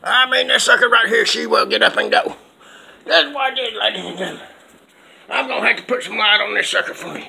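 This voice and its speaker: A man hollers a folksy homemade sales pitch. His voice sits very high and is deeply gravelly, with a piercing, tense edge, and cackling laughter breaks through often. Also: a little fast, sharp tone. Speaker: power chair vlogger.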